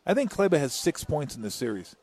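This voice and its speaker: A man working as a color analyst in a postgame broadcast chat, telling jokey, animated stories and laughing often. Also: on the high side, fast talker.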